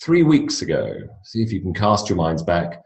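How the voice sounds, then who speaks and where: Australian male teacher, low voice, deliberate and repetitive delivery, roomy echo. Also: sing-song, a little mellow. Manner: slow, deliberate, repeats words for emphasis. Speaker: English pronunciation teacher. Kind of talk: recorded online lecture.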